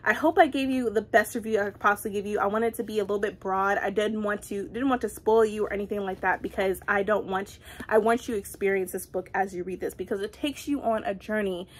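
Young adult female book vlogger, breathy, mid-pitched, gushing and chatty. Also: fast talker, hardly any pauses. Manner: gushing, excitable, many restarts and "like". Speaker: book reviewer. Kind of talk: casual book review vlog.

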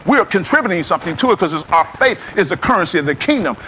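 High-voiced man preaching a sermon. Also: big pitch swings, racing, bright, forceful tone, slight background noise. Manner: call-and-response preaching, asks congregation to repeat. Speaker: pastor. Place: church sanctuary.

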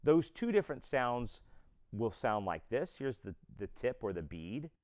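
A man's voice: medium pitch, sing-song, a little slow, noisy background. A man teaching a drum lesson, explaining step by step and counting beats aloud. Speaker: drum instructor.

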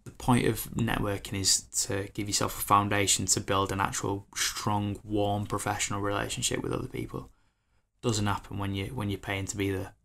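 Twenty-something guy rambling on his podcast, gravelly fry, keeps acting out quotes. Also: on the low side, moderate pace. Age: 20s. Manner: rambling and animated, full of fillers and acted-out quotes. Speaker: podcast host. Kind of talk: casual podcast monologue.

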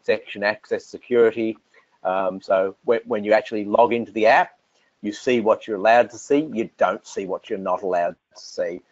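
A man with an Australian accent presenting software and answering technical questions, relaxed, with many fillers and restarts. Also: fairly low pitch, moderate pace, dry recording. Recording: dull, dry lo-fi audio.

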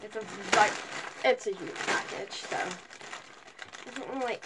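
A woman's voice: on the high side, measured pace, long pauses, heavy background noise. A young woman, chatting casually and gushing through a haul video with lots of fillers. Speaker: vlogger.

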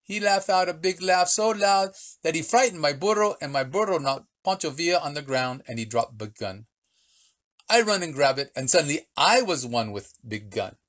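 A man voicing a very old storyteller, speaking broken English with dramatic pauses and slow punchlines. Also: fairly high pitch, expressive, fairly bright tone, pitched above the performer's own voice. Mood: playful. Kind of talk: storytelling for children.

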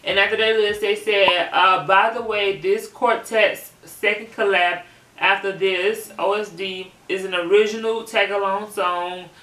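A woman's voice: mid-range voice, steady tone, measured pace, a bit bright, far from the mic. A woman co-hosting a reaction channel as the daughter, chatting casually with bubbly greetings. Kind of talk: casual chat. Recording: echoey room, away from the mic.

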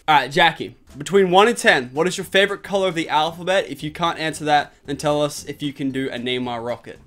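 A young Australian man with a slightly American-tinged accent, hosting a joking, excitable Q&A chat with his sister. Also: fairly high pitch, fast. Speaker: YouTuber host. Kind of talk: casual Q&A chat.

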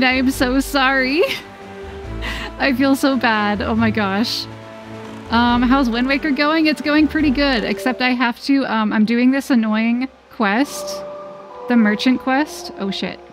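A woman streamer chatting casually with her viewers during a gameplay livestream, bubbly and quick to giggle. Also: high voice. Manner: bubbly, giggly, talks to chat.

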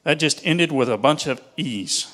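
A man's voice: a little high, lively intonation, measured pace, a bit bright. A man with a Southern US accent, a pastor reading out group lists to a church youth group in an upbeat, folksy way.

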